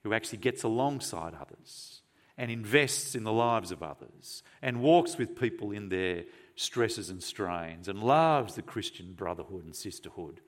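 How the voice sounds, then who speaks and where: A man preaching a sermon, earnest and emphatic, asking rhetorical questions and moving between forceful stresses and quiet, hushed phrases. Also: on the low side.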